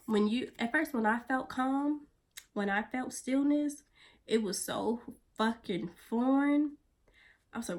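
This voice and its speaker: A woman vlogging in a blunt, profane pep-talk manner, sometimes dropping her voice to a soft near-whisper. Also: a little high, takes it slowly. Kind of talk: casual motivational vlog talk.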